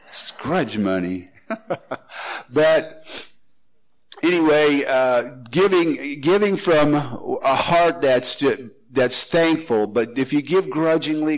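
A man's voice: medium pitch, rough recording. An older man preaching a folksy sermon as pastor, breaking into joking asides.

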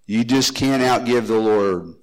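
A man's voice: on the low side, a little slow, poor audio. An older man preaching a folksy sermon as pastor, breaking into joking asides.

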